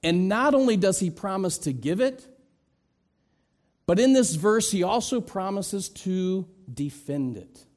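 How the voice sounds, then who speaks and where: A middle-aged man preaching a sermon, swinging from soft low drops to raised, emphatic peaks, with self-deprecating humor. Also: animated, measured pace. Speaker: pastor.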